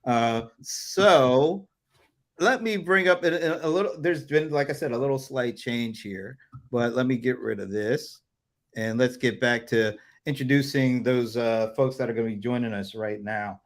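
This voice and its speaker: Male host, casual livestream chat, rambling, lots of ums, chuckling, video call sound, mid-pitched voice. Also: measured pace. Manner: rambling, filler-heavy, chuckling.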